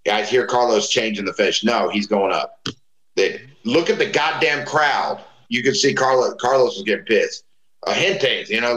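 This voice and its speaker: A man's voice: medium pitch, a bit bright, reverberant, poor audio. A man casually telling profane wrestling stories, acting out the voices of people he quotes. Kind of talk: casual storytelling chat.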